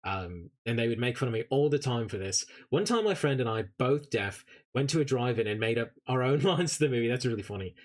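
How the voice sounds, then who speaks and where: A playful man from Canada chats casually through a game stream, joking with his viewers. His mid-pitched voice swings widely up and down. He keeps slipping into put-on English accents. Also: animated, a little fast, hardly any pauses. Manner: jokey, answers chat by name. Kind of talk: casual live-stream chat.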